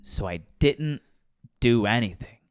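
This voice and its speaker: A man's voice: medium pitch, animated, unhurried, soft background music. A man in his thirties, a stand-up comedian telling a story in casual podcast talk, acting out quotes with lots of swearing.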